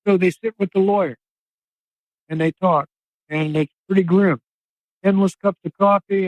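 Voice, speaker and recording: A man's voice: high-pitched, fairly even intonation, moderate pace, long pauses, no echo, phone-quality sound. An older man, an investigative reporter and podcast guest, laying out a speculative account and dramatically acting out the people he quotes. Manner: dramatic, acts out quoted voices. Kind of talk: speculative storytelling.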